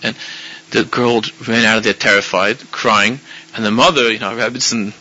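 Bright-voiced man telling a sermon story. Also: fairly low pitch, normal speed, lo-fi sound. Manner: animated storyteller, frequent restarts. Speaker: rabbi.

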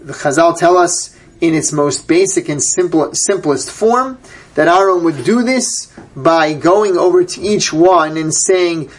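A man's voice: a little high, a little slow. A man teaching a Torah class, reading verses aloud and then translating and explaining them. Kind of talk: Bible class lecture.

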